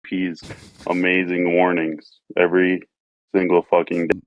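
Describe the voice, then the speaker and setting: A man's voice: low-pitched, monotone, unhurried, dull audio. A man co-hosting a podcast, rambling and joking with plenty of swearing. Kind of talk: casual chat.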